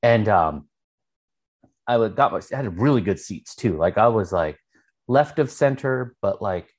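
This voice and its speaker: A man co-hosting a podcast tells stories in a casual, rambling chat, heavy on filler words and swearing. His pitch is fairly low, his intonation lively, and he never hurries.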